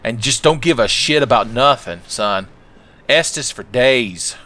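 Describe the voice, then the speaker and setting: A man's voice: mid-range voice, lively intonation, measured pace, bright, forceful tone. A man hosting a let's play, rambling through profane, sarcastic gaming commentary. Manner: rambling, sarcastic, swears a lot.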